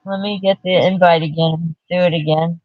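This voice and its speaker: A soft-spoken man with an English accent, hosting a casual livestream chat and joking with a guest. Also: fairly high pitch, steady tone, moderate pace, muffled recording. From England. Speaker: livestream host.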